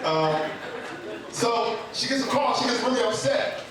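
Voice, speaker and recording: A man telling a comedic personal story at an open mic, in an animated, conversational way with comic asides. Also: extremely high pitch, unhurried. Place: live open mic venue. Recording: echoey room from far off, noisy.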